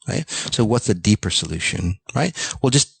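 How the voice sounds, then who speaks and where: A man with a very low, deep voice delivers a passionate monologue to his audience, ranting and swearing bluntly as he drives his point home. He keeps checking in with "okay?" and "you know", and the dry, close sound leaves almost no room echo. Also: lively intonation, normal speed, vocal fry, slightly rough. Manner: intense, ranting, speaks directly to listeners; frequent fillers and tag questions. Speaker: podcast host. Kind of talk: motivational monologue.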